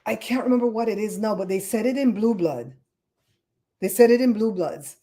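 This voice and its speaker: A woman's voice: medium pitch, moderate pace. Chatty woman host with a Caribbean accent. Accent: Caribbean English. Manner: chatty, animated storyteller, fussy about grammar. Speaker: podcast host. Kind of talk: casual livestream chat. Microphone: streaming setup microphone.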